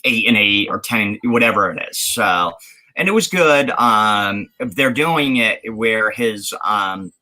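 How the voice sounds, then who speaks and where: A man's voice: lowish voice, animated, takes it slowly, bright, forceful tone, rough recording. A man from the United States co-hosting a podcast in casual chat, rambling with many restarts and fillers. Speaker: podcast co-host.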